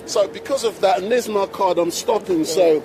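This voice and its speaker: A high-voiced man speaks at a moderate pace during a lively live street interview, mic in hand. He chats and exclaims amid crowd noise, with the noisy city street and traffic behind him.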